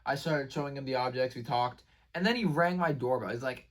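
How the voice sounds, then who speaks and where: A man recapping his day in a casual vlog, rambling and excitable, with lots of fillers and restarted sentences. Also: medium pitch, a little fast, far from the mic. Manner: rambling, filler-heavy, says "like" and "bro" constantly. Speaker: vlogger.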